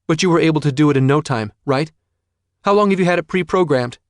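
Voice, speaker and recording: A man voicing a sharp, indignant young woman confronting her father. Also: fairly high pitch, quick pace, no echo, studio quality, pitched above the performer's own voice, natural voice. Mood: angry. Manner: indignant, accusing.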